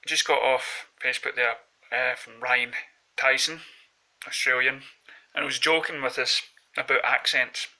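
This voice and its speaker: Sharp-toned Glaswegian man chatting. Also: medium pitch, fairly even intonation, unhurried, poor audio. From Glasgow, Scotland. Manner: rambling, anecdotal. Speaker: vlogger. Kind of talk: casual chat to camera.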